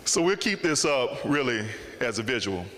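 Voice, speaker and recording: A man's voice: mid-range voice, big pitch swings, moderate pace, a bit bright, a little hiss or hum. A man telling a story in a public speech at a summit, with emphatic repetition. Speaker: summit speaker. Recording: long hall reverb.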